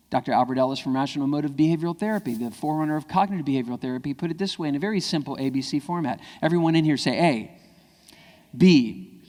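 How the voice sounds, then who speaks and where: Animated man giving a keynote. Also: fairly high pitch. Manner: animated, emphatic, acting out dialogue. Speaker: keynote speaker. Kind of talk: keynote speech. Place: large event hall. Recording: long hall reverb.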